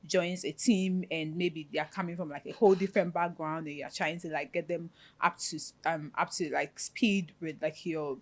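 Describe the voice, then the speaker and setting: A woman with a Ghanaian English accent, a software developer talking casually as a panel guest and leaning heavily on "like". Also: low voice, steady tone, normal speed, hardly any pauses. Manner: chatty, leans heavily on "like". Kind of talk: panel discussion.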